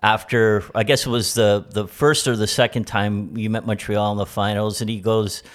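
A man's voice: fairly low pitch, fairly even intonation, normal speed. A man co-hosting a casual chat, asking questions and retelling stories eagerly. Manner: eager, asks questions, retells with quoted voices. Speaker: podcast co-host.

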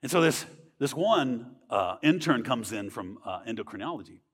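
A husky man of medium pitch tells his faith testimony in church at a moderate pace, his intonation lively and a long reverb tail behind him. His manner is earnest and conversational, with frequent "right?" check-ins.

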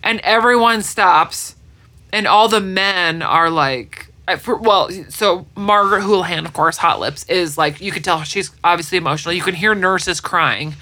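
Podcast co-host, woman, bright and a bit low, acts out scenes in her retelling. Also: moderate pace. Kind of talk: casual chat.

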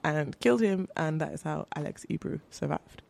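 A woman's voice: deep voice, moderate pace, vocal fry, darkish tone. A young woman co-hosting a podcast, setting up a true-or-false quiz in a playful, chatty way. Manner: playful quiz-giving storyteller. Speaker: podcast co-host. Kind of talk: casual chat.

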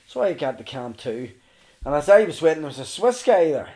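Man, middle-aged, casual storytelling, slightly high voice, salty and animated. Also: fairly quick. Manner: animated, swears freely, acts out others' lines. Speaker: interview guest, mountaineer.

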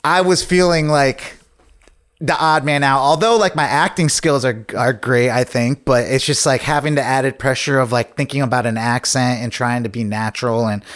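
A man's voice: mid-range voice, fairly even intonation, moderate pace, a bit bright. A young adult man, an actor talking casually as a podcast guest, rambling with lots of "like" and "you know".

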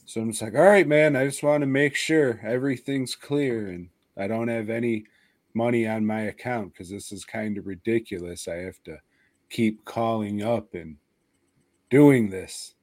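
A man's voice: fairly low pitch, moderate pace, darkish tone, no room sound. A man hosting a casual podcast, wry and cursing freely, telling stories and mimicking people he spoke to on the phone. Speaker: podcast host.

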